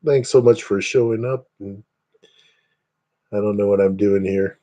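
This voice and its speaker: Rambling man with a very dark voice. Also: fairly low pitch, fairly even intonation, measured pace, highs cut off. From Northeast Indiana, USA. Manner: rambling, chatty, greets viewers by name. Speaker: livestream host. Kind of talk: casual livestream chat.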